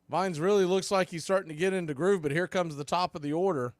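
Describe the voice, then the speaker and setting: A man calling live baseball play-by-play on a studio mic, with excitable calls and chatty asides. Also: on the high side, a little fast, hardly any pauses, dry recording. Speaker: play-by-play announcer.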